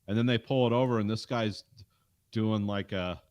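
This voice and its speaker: Male podcast co-host, low-ish voice, loose rambling recap delivery, dry close sound. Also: steady tone, normal speed, a little mellow, no echo. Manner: rambling, conversational, with frequent fillers. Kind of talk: casual chat recapping a TV episode.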